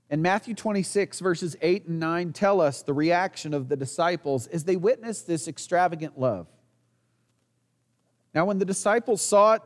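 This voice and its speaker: A man's voice: sits high, in a large hall. A man preaching a sermon as pastor, earnest, asking the congregation rhetorical questions and sometimes restarting a phrase.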